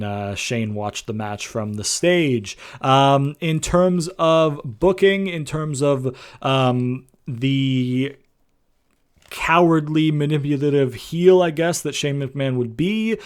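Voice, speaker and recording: A young man recapping and reviewing a wrestling show in a loose, rambling way, swearing freely and filling pauses with "um". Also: medium pitch. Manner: rambling, profane, frequent fillers. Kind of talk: casual recap and opinion.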